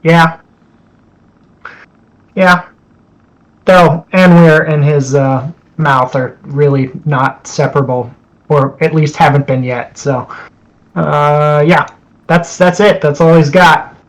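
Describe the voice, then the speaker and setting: Slow, hesitant tabletop player. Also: mid-range voice, fairly even intonation, low-quality recording. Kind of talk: casual tabletop game play.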